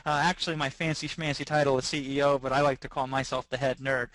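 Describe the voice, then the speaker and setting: A man's voice: medium pitch, little pitch movement, fast, a bit bright, dry recording, poor audio. A man, a company CEO, introducing a webinar in a jokey, salesy way.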